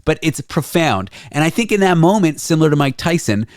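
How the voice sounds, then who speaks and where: A man hosting a podcast, telling stories in an animated, self-deprecating way. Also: fairly high pitch, brisk, no echo, studio quality. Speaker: podcast host. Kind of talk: casual chat.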